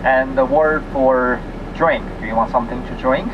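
A man's voice: mid-range voice, moderate pace, highs cut off, background noise. Male tour guide on a bus. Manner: hesitant, lots of uh, chuckles often. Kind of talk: casual explaining to a tour group.

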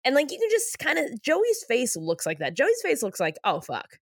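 A woman's voice: sits high, huge pitch swings, normal speed, no room sound, clean studio sound. A woman co-hosting a podcast, retelling episodes in a casual, laughing way. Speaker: podcast co-host. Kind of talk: casual recap chat.

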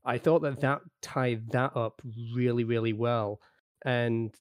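A man's voice: mid-range voice, steady tone, slow, clean tone, no room sound, clean studio sound. A man with a Yorkshire accent, a guest in a casual podcast chat, thoughtfully explaining his views. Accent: Yorkshire English. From Yorkshire, England.

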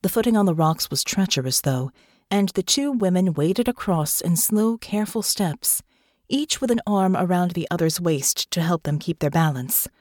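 With a fairly low pitch, this audiobook narrator reads her script expressively and at a steady, deliberate pace. The recording is dry, with clean studio sound.

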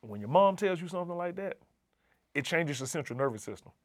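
A man's voice: fairly high pitch, animated, a little fast, dry recording. A middle-aged man, an assistant dean, telling a personal story in an earnest, emphatic way and repeating key phrases for weight. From Southern United States. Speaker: assistant dean of community and inclusion.

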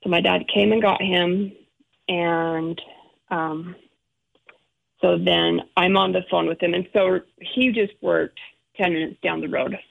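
A middle-aged woman, a guest, telling an emotional personal story in halting, restarting speech. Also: on the low side, fairly even intonation, gravelly. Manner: halting, restarts often, acts out quoted relatives. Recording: phone-like narrow sound.

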